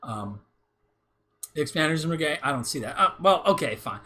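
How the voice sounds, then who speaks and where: A man's voice: on the high side, expressive, a little slow, a bit bright. A man hosting a casual livestream, ranting in a rambling, repetitive way, tagging his points with "right?" and swearing often. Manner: rambling and repetitive, heavy "right?" tags, profane. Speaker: livestream host.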